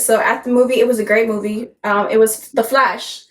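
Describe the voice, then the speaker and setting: A woman's voice: on the high side, fairly even intonation, a little fast, low-quality recording. Young woman telling a rambling story. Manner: rambling, swears freely, laughs through her story. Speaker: podcast co-host. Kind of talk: casual storytelling chat.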